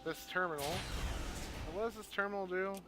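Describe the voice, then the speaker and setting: A man's voice: high-pitched, a little fast. A man playing on a gaming stream, explaining what he does in a laid-back, rambling way. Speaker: co-host playing the game on stream. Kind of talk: casual chat while gaming. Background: loud game music.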